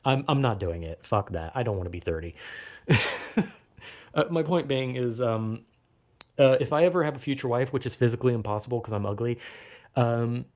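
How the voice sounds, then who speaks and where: A man's voice: medium pitch, brisk, darkish tone, lo-fi sound. A man in his twenties ranting casually in a profane, rambling, sarcastic way, with lots of fillers and restarts. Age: 20s. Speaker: vlogger. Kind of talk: casual monologue rant.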